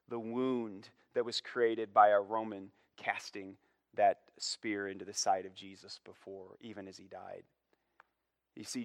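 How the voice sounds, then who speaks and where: Earnest male preacher, bright dry voice. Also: fairly low pitch, no room sound. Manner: earnest, emphatic preaching with repeated "you see" and falling phrase ends. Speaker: pastor. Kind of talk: sermon.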